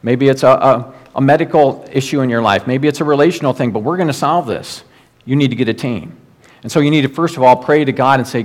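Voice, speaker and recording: A middle-aged man delivers a sermon as the pastor, his voice sitting at an ordinary mid pitch. He talks in an earnest, exhorting way, pressing his points with repetition. When he quotes a prayer or a line of scripture, he slows down and lets his voice sink lower. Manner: earnest preaching, drops low and slow for quoted prayers and scripture.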